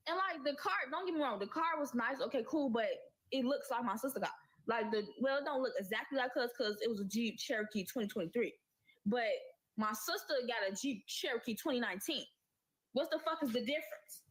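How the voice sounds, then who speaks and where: A woman's voice: fairly high pitch, animated, fairly quick, husky, rough recording. A teenage girl telling a story in an exasperated, slang-filled casual rant, swearing often. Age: late teens.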